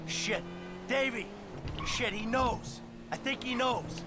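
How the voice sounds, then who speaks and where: A man's voice: extremely high pitch, expressive, slow, over loud music, heavily acted. An actor playing a weary middle-aged ex-criminal family man in a game cutscene, tense and pleading.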